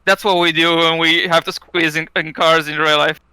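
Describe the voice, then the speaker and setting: Bright, higher-voiced male player. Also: little pitch movement, moderate pace, clear, resonant tone, no echo, poor audio. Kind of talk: casual tabletop play.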